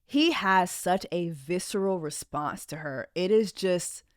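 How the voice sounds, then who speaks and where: A woman's voice: fairly low pitch, a little slow, no room sound, studio quality. A woman podcast host giving blunt, indignant reaction commentary on a reality show clip in a casual, conversational way.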